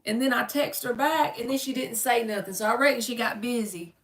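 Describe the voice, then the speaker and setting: A woman's voice: on the high side, normal speed, vocal fry, recorded from a distance. A woman doing a chatty, joking tarot reading for her viewers, calling them by name. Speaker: tarot reader. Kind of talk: casual live-stream tarot reading. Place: home room.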